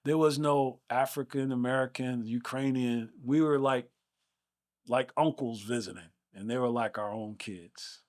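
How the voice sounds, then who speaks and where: A man's voice: medium pitch, unhurried. A man in his fifties hosting a podcast, speaking earnestly and emphatically, with rhetorical questions. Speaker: podcast host. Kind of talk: motivational podcast monologue.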